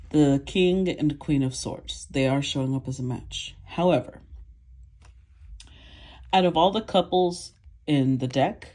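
Low husky woman reading tarot. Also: a little mellow. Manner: thinks aloud, calls out cards, clears throat. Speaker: tarot reader.

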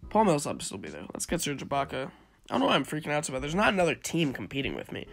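A man's voice: on the high side, huge pitch swings, racing, gravelly, faint music behind. A young man giving casual, chatty commentary on his gameplay, second-guessing himself as he goes. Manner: chatty, self-interrupting, wavering pick by pick. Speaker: gaming YouTuber.

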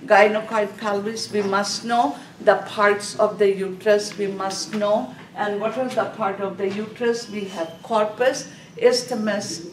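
Woman lecturing in an echoey classroom. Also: mid-range voice. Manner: repetitive, drilling key terms, checks in with class. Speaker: nursing exam instructor. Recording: echoey room, from far off, faint hiss.

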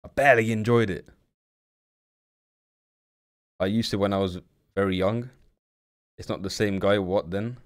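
A man's voice: lowish voice, steady tone, fairly quick. A young man streaming live, blunt and slangy, swearing freely as he chats with viewers. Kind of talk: casual live-stream commentary.

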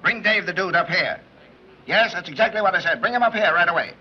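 A blustering mayor, snapping orders in a high, bright, quick voice. The sound is a muffled 1930s film track with faint hiss. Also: male voice, lively intonation. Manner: brisk, commanding. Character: indignant blustering city mayor.

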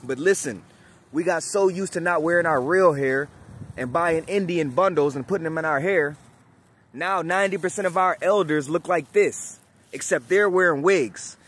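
A man's voice: fairly high pitch, normal speed, fairly bright tone, slightly rough. A man vlogger speaking outdoors in an impassioned monologue to the camera, emphatic and preachy, repeating phrases for effect.

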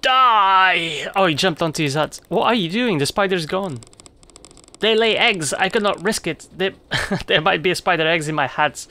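Gameplay commentary, joking asides, bright tone. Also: medium pitch, moderate pace. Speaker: let's play commentator.

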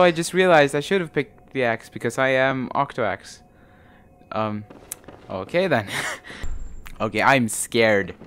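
A man's voice: mid-range voice, slight background noise. A man hosting a let's play who talks jumpily, exclaims often and swears a lot. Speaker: gaming channel host. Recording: game sounds audible behind the voice.

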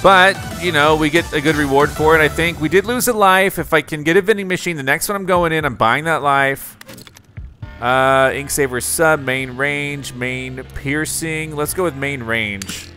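A gaming video host does let's-play commentary on his own game, his voice a little high and his speed normal. He reacts loudly, yelping and exclaiming under pressure when things go wrong, with music playing behind him.

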